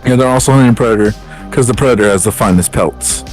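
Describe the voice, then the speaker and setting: A man's voice: medium pitch, quick pace, soft background music, poor audio. A man co-hosting a podcast, summarizing a film's plot in a laid-back, joking way. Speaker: podcast co-host. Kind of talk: casual podcast chat.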